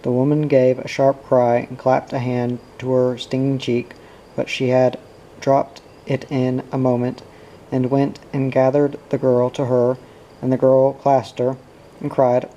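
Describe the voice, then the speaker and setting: A man reading a novel aloud at a steady, unhurried pace. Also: medium pitch, highs cut off, slight background noise. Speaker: audiobook reader.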